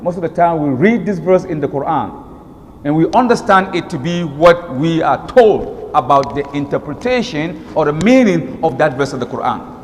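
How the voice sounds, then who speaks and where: Nigerian male preacher, high lively voice, emphatic delivery, hall echo. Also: slight background noise. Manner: animated, emphatic, switches into recited Arabic verses. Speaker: Islamic preacher. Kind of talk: sermon. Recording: long reverb of a hall.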